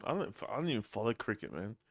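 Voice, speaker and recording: A young man talks in easy, relaxed podcast chat and laughs readily. His pitch moves up and down a lot, and the studio sound is dry and close. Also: quick pace, vocal fry, dry recording. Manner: laid-back, laughs easily. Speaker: podcast co-host. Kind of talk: casual chat. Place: small studio.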